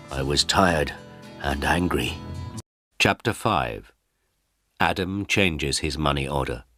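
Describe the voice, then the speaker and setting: A man reading a simple storybook aloud for English learners, slow and clear. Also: very deep voice, sharp tone, no room sound. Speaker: story reader.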